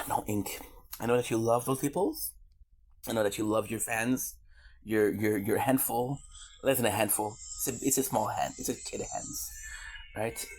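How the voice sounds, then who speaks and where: Husky man rambling through goofy tangents. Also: fairly low pitch, steady tone, moderate pace, a little mellow. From Quebec, Canada. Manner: goofy, rambling on side tangents, swearing and joking. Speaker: streamer. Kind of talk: casual rambling monologue.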